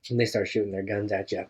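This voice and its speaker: A man's voice: fairly low pitch, a little mellow, slightly rough. A male co-host in casual chat, playfully walking a guest through an imagined adventure. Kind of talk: casual chat, narrating a made-up scenario. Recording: dull lo-fi sound.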